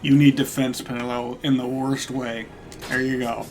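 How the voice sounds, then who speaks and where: A man's voice: medium pitch, flat delivery, moderate pace. Young man chatting over game music. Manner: laughs often, chatty, thinks aloud while playing. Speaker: streamer playing a game. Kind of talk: casual gaming stream chat.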